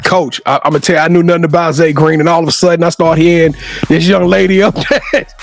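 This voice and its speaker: A man co-hosting a podcast, talking in a loud, sing-song, hype style and shouting praise at his guest. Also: on the high side, steady tone, fast talker, creaky, faint music behind. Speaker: podcast co-host. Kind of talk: hyped podcast outro.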